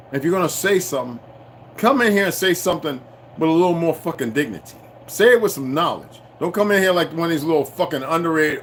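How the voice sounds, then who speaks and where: A man ranting to his viewers in a profane, confrontational way, swinging between shouting and low muttering. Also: a little hiss or hum. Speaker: channel host. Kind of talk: unscripted rant to viewers.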